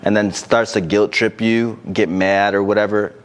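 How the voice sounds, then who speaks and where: A man's voice: fairly low pitch, flat delivery, moderate pace, clean tone. A man co-hosting a podcast, talking frankly and casually about dating, with the occasional swear word. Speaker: podcast co-host.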